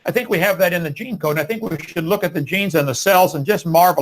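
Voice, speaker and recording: A man's voice: on the high side, fast, hardly any pauses, rough recording. A man arguing in a live debate, preachy and emphatic, firing rhetorical questions.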